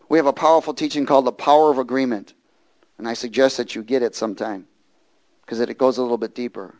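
A man preaching a sermon who moves from hushed storytelling to loud, fervent bursts and repeats phrases for emphasis. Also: medium pitch, fairly even intonation, moderate pace, pauses often. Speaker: pastor.

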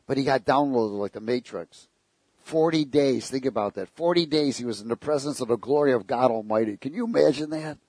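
Husky male preacher, storytelling. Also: medium pitch, brisk, darkish tone, no room sound. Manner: storytelling with jokes and rhetorical questions. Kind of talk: sermon.

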